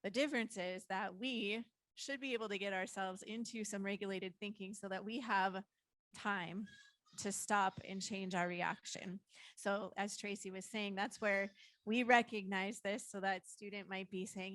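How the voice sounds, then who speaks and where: Woman, school learning designer, mid pitch, dry close sound, conversational explainer. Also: steady tone, normal speed, fairly bright tone, no echo. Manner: conversational, explains curriculum to adults. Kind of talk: presentation to foster parents. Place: online meeting.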